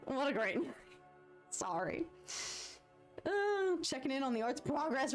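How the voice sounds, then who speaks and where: A woman's voice: high-pitched, sing-song, measured pace, long pauses, faint music behind. Chatty young woman with a Detroit accent. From United States. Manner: chatty, giggly, rambling storyteller. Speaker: live-stream painter. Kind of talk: casual chat while drawing.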